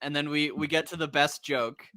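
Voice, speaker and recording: A man co-hosting a casual podcast chat, animated, laughing often and acting out scenes as he talks. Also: on the high side, normal speed, no echo, studio quality. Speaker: co-host.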